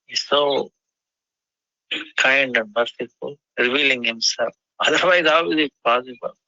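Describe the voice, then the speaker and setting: A man telling a devotional story in a halting way, often pausing with "you know". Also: mid-range voice, sharp tone, dry recording, lo-fi sound.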